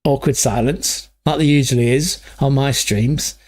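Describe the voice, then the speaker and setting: A man's voice: mid-range voice, moderate pace. A man from England hosting a livestream, rambling through stories in a loose, sweary, casual chat. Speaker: livestream host.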